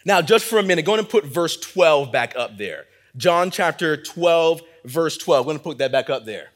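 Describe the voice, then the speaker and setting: An earnest male pastor delivering a sermon, his voice sitting a bit higher than most men's. He preaches with emphasis, driving home points by repeating phrases, and moves from a quiet prayer into teaching. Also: expressive, normal speed.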